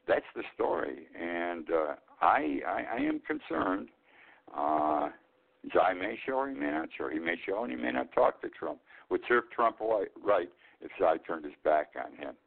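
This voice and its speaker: Over a tinny, phone-like line, an older host in his eighties rambles bluntly through political commentary. His voice is lowish and carries vocal fry.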